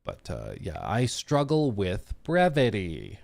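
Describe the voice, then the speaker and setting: A man's voice: on the low side, wildly swooping pitch, takes it slowly, creaky, a little mellow, no room sound. A man hosting a casual live stream, chatting in a rambling, self-deprecating way with lots of fillers. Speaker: streamer and games reviewer. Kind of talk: casual live-stream chat, reading out chat comments.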